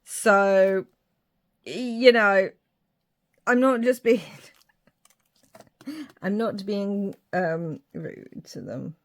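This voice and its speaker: Slow, chatty woman crafting. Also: medium pitch, expressive. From Ireland. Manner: chatty, mutters asides to herself. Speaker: craft vlogger. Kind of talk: casual craft chat.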